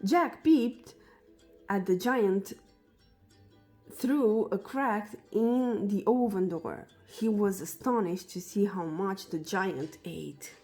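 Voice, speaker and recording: A woman reads a children's fairy tale aloud at a very slow, careful pace. Her voice sits at an ordinary middle pitch. Soft music plays faintly behind her. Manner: slow, deliberate storybook reading. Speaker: storyteller.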